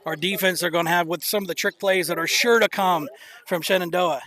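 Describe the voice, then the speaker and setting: A young man calling a live high school football game as play-by-play commentator, excitable, openly nervous and rooting for his team. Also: fairly quick. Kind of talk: live local sports commentary. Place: outdoor stadium bleachers. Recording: noisy outdoor stadium stream.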